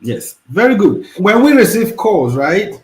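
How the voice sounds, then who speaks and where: A man's voice: high-pitched, sing-song, a little slow. Patient man explaining, echoey room. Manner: patient, explanatory, frequent "you know" and "yeah". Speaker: guest expert. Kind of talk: explaining in an interview.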